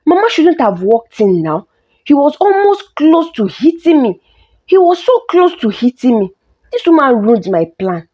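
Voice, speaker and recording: A woman doing a shrill scheming young wife. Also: big pitch swings, normal speed. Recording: dull lo-fi recording.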